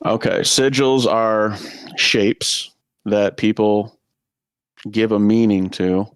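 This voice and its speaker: A man with a fairly low voice works through his thoughts slowly, filling pauses with "uh" and "like." The sound is dry and close, with almost no room around it. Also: steady tone, clean tone, no echo. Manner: thoughtful, musing, with many fillers. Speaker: podcast co-host. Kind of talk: casual discussion.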